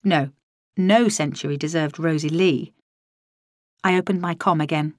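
A woman's voice: low-pitched, measured pace, pauses often, no room sound, studio quality. Wry woman narrating an audiobook. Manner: wry, dryly comic. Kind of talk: first-person audiobook narration.

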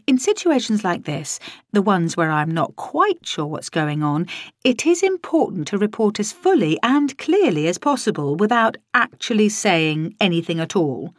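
A woman's voice: medium pitch, big pitch swings, moderate pace, no room sound. A woman narrating a first-person audiobook in a dry, wry storytelling manner.

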